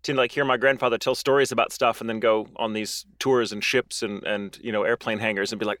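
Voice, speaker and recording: A man's voice: on the low side, steady tone, brisk, hardly any pauses, fairly bright tone, no echo, clean studio sound. A man co-hosting a casual podcast, chatting enthusiastically in long digressions full of fillers. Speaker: podcast co-host. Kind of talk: casual chat.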